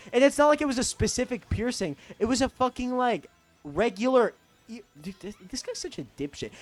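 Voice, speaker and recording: A young man telling a story in a casual, profane, rambling rant as a vlogger. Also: very high-pitched.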